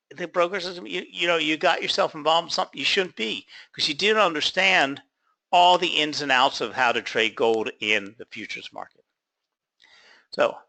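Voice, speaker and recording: Gravelly, bright-voiced trading instructor. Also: male voice, fairly high pitch. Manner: acts out both sides of a dialogue, casual fillers like "you know". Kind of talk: class lecture told as an anecdote.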